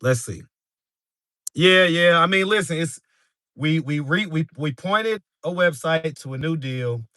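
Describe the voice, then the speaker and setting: A man's voice: a little high, lively intonation, measured pace, pushed and bright, no echo, clean studio sound. A man from New York hosting a casual livestream, laughing often and talking straight to his chat. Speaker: street interview channel host.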